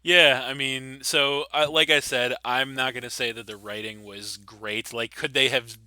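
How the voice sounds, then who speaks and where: A man's voice: medium pitch, steady tone, a little slow, bright, forceful tone, dry recording. A man hosting a casual podcast discussion, earnest and emphatic, insisting on finishing his point. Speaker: podcast host.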